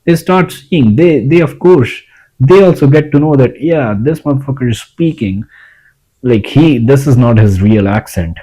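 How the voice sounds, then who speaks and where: Blunt, rambling man with a dark voice. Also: medium pitch, lively intonation, moderate pace, breathy edge, poor audio. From India. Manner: rambling, blunt, swears freely. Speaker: self-help vlogger. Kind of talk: casual advice monologue.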